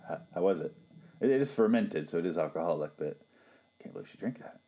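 A man's voice: deep voice, animated, a little fast, dark tone. A man giving casual, sarcastic and profane watch-along commentary on a TV show.

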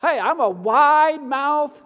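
A pastor voicing a cheerful, chatty wide-mouthed frog with a big, slow, exaggerated greeting in a story told from the pulpit. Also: sits high, animated, muffled recording, pitched above the performer's own voice. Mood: cheery. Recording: long hall reverb.

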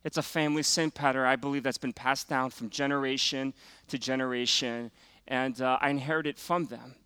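A middle-aged man preaching a sermon, telling a personal story in a casual, conversational way and dropping to a hush for emphasis. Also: mid-range voice, steady tone, a little fast, clear, resonant tone, dry recording. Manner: conversational storytelling, many fillers, drops to quiet for emphasis. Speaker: pastor.

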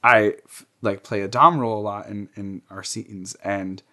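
A man's voice: fairly low pitch, steady tone, moderate pace, pushed and bright. A young man being interviewed, telling candid personal stories in a chatty way, with many fillers and frequent laughter.

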